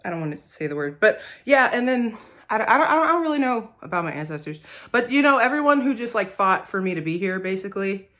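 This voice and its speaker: A woman singer-songwriter talking casually to the camera, soft-spoken and rambling, with many hesitant fillers. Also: medium pitch, very animated, fast talker.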